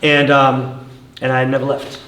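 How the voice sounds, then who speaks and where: A man, a martial arts instructor, telling stories quickly in a casual chat. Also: medium pitch, monotone, a bit bright. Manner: quick, chatty storyteller. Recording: echoey room, faint noise.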